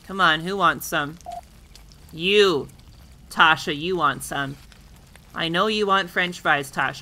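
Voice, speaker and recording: A woman streamer chatting casually and excitably while playing a game, talking to the characters on screen. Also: sits low, slow pace, long pauses, slight background noise, poor audio. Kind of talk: casual playthrough commentary.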